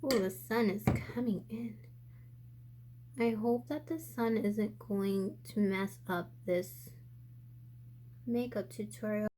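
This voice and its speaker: A woman walks through her makeup routine in an unhurried, easygoing way, her voice at a middle pitch. She chats and thinks aloud as she works, sounding a little out of breath. The talk is casual and relaxed, like a home tutorial. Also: a little hiss or hum. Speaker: beauty vlogger. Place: indoor room with sunlight coming in.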